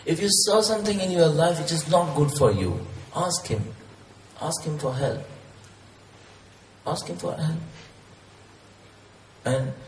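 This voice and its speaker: A man whose first language is Urdu gives a sermon in English. He talks earnestly, repeats himself and pushes his questions up for emphasis. He sounds far from the mic in a roomy, echoing space with a faint hum of ambience. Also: on the high side. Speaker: Islamic preacher.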